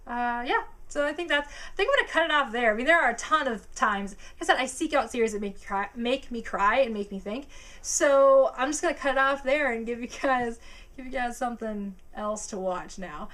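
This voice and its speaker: Excitable young woman gushing, bright voice. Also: a little high, brisk. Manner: excitable, gushing, squeals and filler words. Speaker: vlogger. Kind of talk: casual anime chat to camera.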